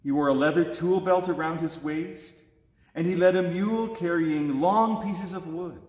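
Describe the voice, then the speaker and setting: A man reading a children's story aloud at a church service, with expressive, lively delivery in an echoey church. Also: a little high, moderate pace. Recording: echoey church with long reverb.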